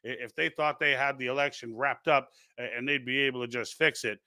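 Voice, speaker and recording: A man's voice: medium pitch, steady tone, a little fast, bright, forceful tone, no echo. A man with a New York accent hosting a casual political livestream, reading out chat comments and rambling with frequent restarts. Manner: rambling, many restarts and repeated words.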